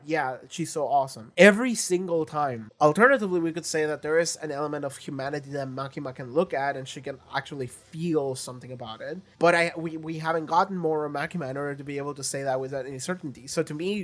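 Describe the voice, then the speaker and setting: A man rambling through casual reaction commentary, retelling scenes and thinking aloud as he goes. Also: on the high side. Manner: animated storytelling, acts out quotes. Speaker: reaction video host.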